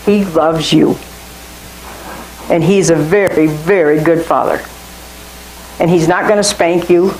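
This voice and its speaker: A woman's voice: deep voice, fairly even intonation, slow, long pauses, darkish tone, echoey room, slight background noise, poor audio. Woman teaching a casual Bible study. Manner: conversational, repeats and restarts phrases. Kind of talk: informal Bible teaching to a small group.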